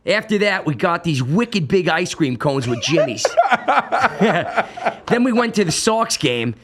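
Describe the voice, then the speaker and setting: A man's voice: high-pitched, big pitch swings, a little slow, background noise. A man putting on a thick Boston accent to tell a rowdy story in local slang. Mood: boisterous. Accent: Boston, put on.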